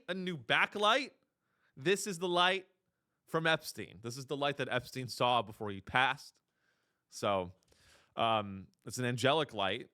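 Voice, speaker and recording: A man's voice: mid-range voice, bright, forceful tone. A man hosting a comedy podcast, delivering a rambling, sarcastic, mock-earnest monologue. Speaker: podcast host.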